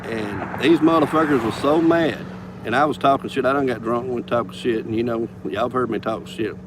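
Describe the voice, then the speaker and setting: A man's voice: mid-range voice, a little fast, background noise. A man telling a bar story casually, drawling, swearing freely and chuckling between lines.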